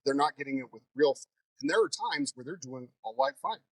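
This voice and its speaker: A man who teaches fire training, telling stories in a casual interview in a lively way. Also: medium pitch, fast talker, vocal fry, no room sound, rough recording. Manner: animated storyteller.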